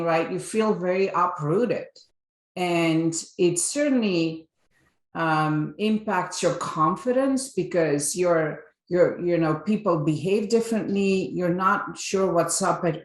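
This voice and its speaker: A woman in her fifties from Belgium, a native Flemish speaker with a Belgian accent, telling her story animatedly as an interview guest, often restarting and adding "right?". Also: on the low side. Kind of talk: conversational interview. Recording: roomy echo.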